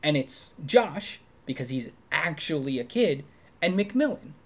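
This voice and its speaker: A man co-hosting a casual movie review chat, talking animatedly and acting out quoted lines in a high voice. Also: very animated, unhurried. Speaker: podcast co-host.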